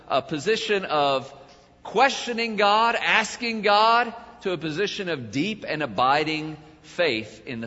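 Dramatic preaching man in an echoing hall. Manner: dramatic preaching, swelling to loud cries and dropping low. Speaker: pastor. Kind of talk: sermon. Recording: dull lo-fi sound with long hall reverb.

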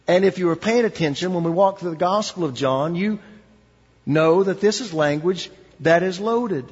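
A man with a husky, slightly high voice preaches a dramatic sermon, dropping low and quiet before building to emphatic peaks. The recording is dull and carries a long, reverberant hall echo. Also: moderate pace. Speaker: pastor.

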